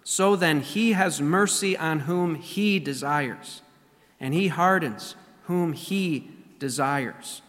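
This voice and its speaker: Slightly high-voiced man preaching in a hall. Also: a bit bright. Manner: deliberate preaching, slowing for emphasis and repeating phrases. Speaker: pastor. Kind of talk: sermon. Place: church sanctuary.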